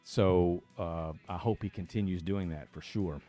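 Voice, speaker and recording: Low-voiced middle-aged man rambling. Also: a little slow, mellow, faint music behind. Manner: rambling, many fillers and restarts. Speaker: newspaper live stream host. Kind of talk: casual live-stream commentary.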